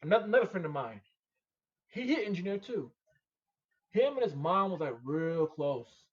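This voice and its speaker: Emphatic, animated man talking shop. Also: sits high, moderate pace, highs cut off. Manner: emphatic, animated and repetitive, preaching-like. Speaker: podcast guest, machine shop owner. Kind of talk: casual podcast interview.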